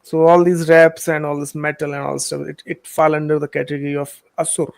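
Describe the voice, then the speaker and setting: A man's voice: on the high side, little pitch movement, brisk, gravelly, clean tone. A man from India, chatting casually and bluntly dismissing what he watches. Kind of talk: casual reaction chat.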